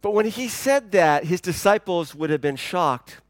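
A pastor preaching in a conversational, dynamic way, swinging from loud, emphatic lines to hushed ones. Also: male voice, high-pitched, animated, measured pace, no echo, studio quality. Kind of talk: sermon.

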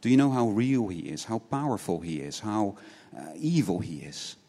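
Male preacher, lowish voice, earnest, rhetorical questions, word-repeating restarts, long church-hall reverb. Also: big pitch swings, moderate pace, warm tone. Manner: asks many rhetorical questions, tagging points with "right?". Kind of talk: sermon.

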